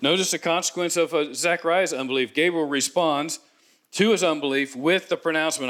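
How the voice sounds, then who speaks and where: A man preaching a sermon, dramatic and animated, acting out scripture scenes with emphatic pauses. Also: on the high side. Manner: dramatic, voices the angel with thunderous emphasis. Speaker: pastor.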